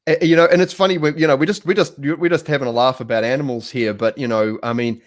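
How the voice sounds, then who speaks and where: A man's voice: mid-range voice, fairly even intonation, quick pace. A man from New Zealand hosting a casual livestream conversation, talking in a rambling, hesitant way with many restarts. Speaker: host.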